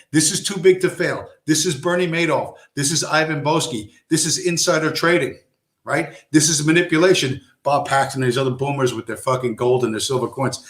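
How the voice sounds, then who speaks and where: A man's voice: a little high, a bit bright. Stream host, man, combative and sarcastic, roomy sound. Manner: profane, aggressive, sarcastic. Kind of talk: ranting live-stream commentary.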